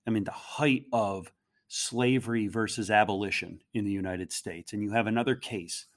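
A man's voice: fairly low pitch, moderate pace. A man co-hosting a history podcast, talking things through and drawing comparisons. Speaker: podcast co-host.

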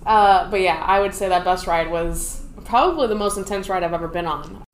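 Animated woman telling stories in a roomy room. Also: lowish voice, a little fast, slight background noise. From Dallas, Texas. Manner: animated, laughing, acts out quotes. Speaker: podcast guest, Navy veteran. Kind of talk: casual interview storytelling.

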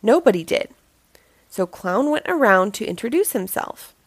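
A woman reading a children's picture book aloud, telling the story in a slow, expressive way. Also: mid-range voice, no room sound.

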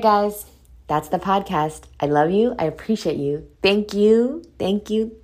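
A woman's voice: deep voice, darkish tone. A woman hosting her own solo podcast, giving listeners a chatty pep talk and calling them "boo". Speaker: podcast host. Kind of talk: casual solo podcast monologue.

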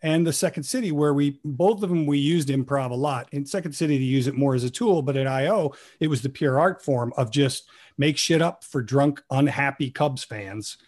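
A man guest actor telling lively stories and acting out quoted lines, with an improv comedy background. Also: medium pitch, moderate pace, hardly any pauses. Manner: animated, acts out quoted lines with laughs. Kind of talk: casual storytelling.

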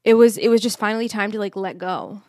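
A woman's voice: medium pitch, quick pace, no echo, studio quality. Blunt, swearing young woman podcaster. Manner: blunt, swears freely, animated retelling. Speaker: podcast host. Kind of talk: candid storytelling monologue.

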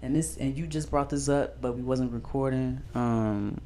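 A young man with a soft, gentle voice talks freely on a casual podcast. He meanders through his thoughts, filling every pause with "like". His pitch sits in an ordinary middle range for a man. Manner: rambling, full of "like" fillers. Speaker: podcast co-host.

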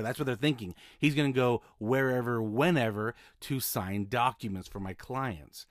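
A man's voice: mid-range voice, normal speed, few pauses, dry recording, studio quality. A man hosting a solo podcast, talking casually about his notary work, often repeating and restarting words. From Utah. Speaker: podcast host, mobile notary.

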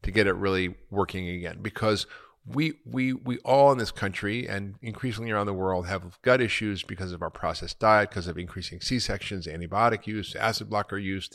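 With a fairly low, brisk male voice and some vocal fry, a middle-aged doctor works through listener questions on his podcast. He's emphatic and energetic, laughing at himself from time to time.

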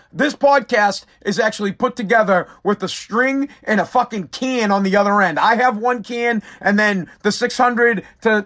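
A man's voice: high voice, fairly bright tone. A tired man hosting his own podcast, ranting in a profane, exasperated, rambling way. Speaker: podcast host. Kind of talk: casual solo podcast rant.

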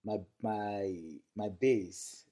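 A man, a content creator chatting as a guest in a relaxed, rambling way with many fillers. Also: lowish voice, very slow. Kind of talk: casual interview talk.

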